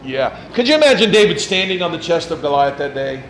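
A man preaching a sermon in an animated way, acting out quotes and tossing in rhetorical asides. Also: a little high, a little fast. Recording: roomy hall, faint room noise.

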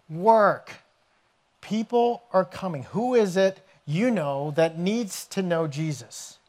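A man preaching a sermon as pastor, telling scripture stories in an animated way and acting out the scenes. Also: sits high. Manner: animated storytelling, acts out scenes with raised voice.

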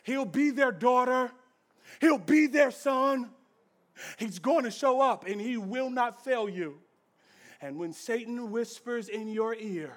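A male pastor preaching a sermon with passion, swinging between hushed lines and loud shouts, with repeated rhythmic phrases. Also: extremely high pitch, slow pace. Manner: repetitive rhythmic call-and-response phrasing.

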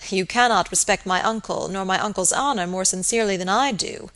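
A woman voicing a grave, earnest young male barrister, speaking in a formal, measured way. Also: medium pitch, fairly bright tone, natural voice.

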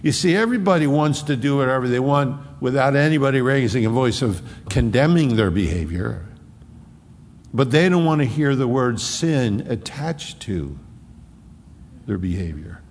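A man's voice: mid-range voice, lively intonation, normal speed, a little mellow, long reverb tail, a little hiss or hum. A man preaching a sermon as a pastor, with emphatic repetition.

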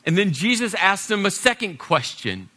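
A male pastor preaching a sermon, dramatic, shifting between loud and hushed passages and acting out quotes. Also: high-pitched, very animated, normal speed.

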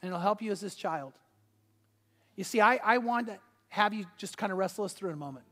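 A man preaching a sermon, telling a story and swinging between loud and hushed delivery. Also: high-pitched, expressive, a little fast, big-room sound. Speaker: pastor. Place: church hall.

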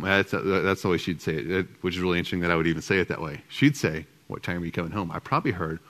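A middle-aged man with a fairly low voice gives a marriage talk. He tells his stories in an animated way and plays out both sides of old conversations. It comes across as relaxed, chatty storytelling in front of a live audience. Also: racing, hardly any pauses. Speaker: marriage speaker.

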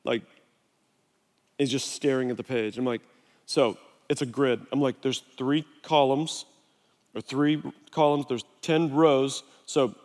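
A middle-aged man, a pastor on a body mic, preaching a sermon in a relaxed, conversational way and telling stories against himself. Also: on the high side. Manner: conversational, self-deprecating storytelling. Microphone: wireless body mic. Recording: long hall reverb.

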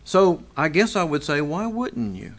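Man pastor, sermon, lively rising and falling pitch, slightly high voice, conversational, rhetorical questions. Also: unhurried. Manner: conversational preaching with rhetorical questions and frequent restarts.

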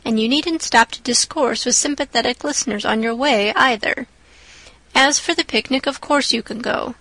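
A woman's voice: a little high, normal speed, fairly bright tone, no echo. A woman voicing a stern older spinster who speaks in a brusque, scolding way.

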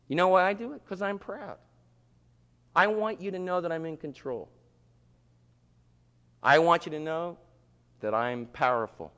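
A man preaching with a slightly raised pitch, his voice carrying a long reverb as in a church hall. He swings from loud outbursts to hushed, intimate tones and acts out the voices of churchgoers. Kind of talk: sermon.

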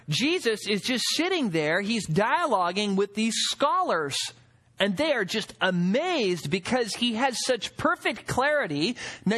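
In a high voice full of expression, a male pastor preaches, his pitch rising and falling widely. He reads scripture, poses rhetorical questions to the room, and then drops into dramatized quotes of the people he describes.

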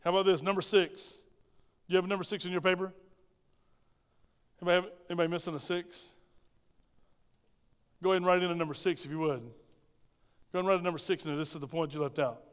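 A man's voice: sits high, steady tone, fast, pauses often, smooth. A man preaching a sermon as pastor, emphatic and questioning his congregation. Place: church. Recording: reverberant church hall.

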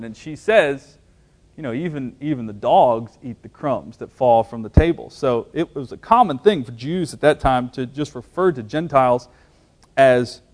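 A man preaching a sermon: he reads scripture, then teaches from it with asides and a touch of humor. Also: fairly high pitch. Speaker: pastor.

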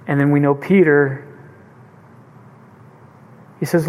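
Preacher guy, pretty high voice, earnest sermon, big echoey church hall. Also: steady tone, measured pace, long pauses, a little mellow. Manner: earnest, retelling scripture with urgency. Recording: long hall reverb.

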